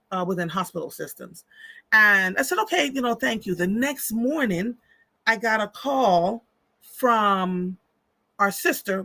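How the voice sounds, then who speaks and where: Woman, 50s, live-show host; gravelly, bright, dry close sound, reads chat and tells personal stories warmly and candidly. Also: medium pitch, no room sound. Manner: heartfelt personal storytelling, lively asides. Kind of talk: casual live-stream talk, reading chat comments.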